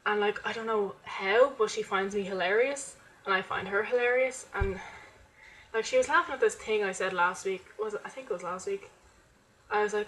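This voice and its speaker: A young woman chats to camera at home in a loose, rambling vlog. Her voice sits at a middle pitch and she fills her talk with "like." A faint background noise hangs behind her. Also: fairly even intonation, normal speed, fairly bright tone, poor audio. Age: young adult. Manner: chatty, rambling, full of "like" fillers. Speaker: vlogger. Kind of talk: casual chat to camera.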